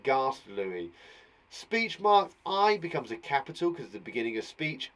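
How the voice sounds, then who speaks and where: A man's voice: a little high, big pitch swings, a little slow. A man with an English accent teaching an online punctuation lesson to young children in an upbeat, encouraging way, repeating his questions to the pupils. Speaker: primary school teacher.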